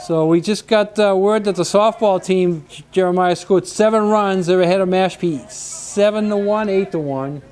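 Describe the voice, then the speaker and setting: A man commentating a local high school lacrosse game, telling stories and chatting in the booth. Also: moderate pace, hardly any pauses, a little mellow. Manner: chatty, storytelling, repeats words when starting. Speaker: sports commentator. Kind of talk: casual booth chat between plays.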